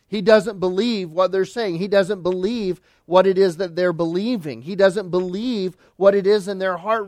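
A man preaching a sermon as pastor, emphatic, slowing down and dropping low on key phrases. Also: no echo, clean studio sound.

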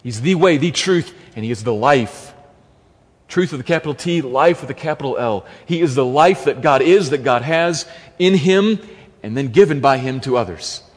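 A man's voice: mid-range voice, lively intonation, normal speed. A man preaching an expository sermon as pastor, emphatic and repeating key phrases for stress. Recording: long reverb of a large hall.

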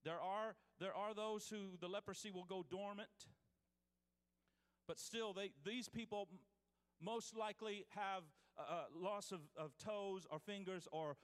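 High-voiced male preacher in a reverberant hall. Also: moderate pace, smooth. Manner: preaching with restarts, reading scripture aloud, calling on the congregation. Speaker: pastor. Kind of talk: sermon.

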